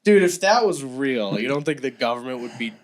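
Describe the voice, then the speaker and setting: A man's voice: mid-range voice, expressive, a little fast. A man co-hosting a casual podcast, swearing and acting out quotes in silly voices. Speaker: podcast co-host. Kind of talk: casual chat.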